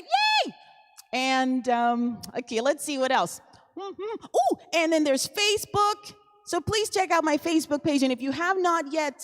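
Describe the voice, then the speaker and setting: A woman's voice: a little high, long reverb tail. A woman singer-songwriter hosting her own live stream, talking casually and upbeat with plenty of fillers and little laughs.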